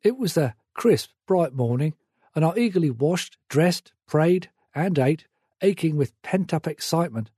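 A man narrating a memoir in a measured, reflective way. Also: fairly high pitch, expressive, dark tone, husky, dry recording, studio quality.

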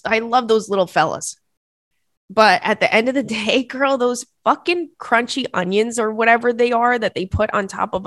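A woman's voice: on the high side, a bit bright, dry recording, studio quality. A young woman hosting a podcast, giving candid advice in a chatty, casual way with frequent swearing and asides. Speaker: podcast host.

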